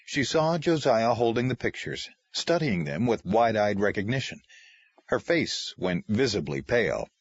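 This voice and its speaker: A man narrating a novel as an audiobook reader, with expressive, varied delivery. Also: lowish voice, normal speed, slightly rough, dry recording. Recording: dry, slightly muffled lo-fi.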